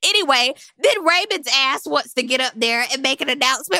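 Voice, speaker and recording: A bright, sharp-voiced woman, recapping reality TV drama with wildly swooping pitch and a gravelly edge. Her talk is sassy and gossipy, full of laughing asides. The sound is close and dry. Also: animated, brisk, hardly any pauses, dry recording. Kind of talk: casual recap commentary.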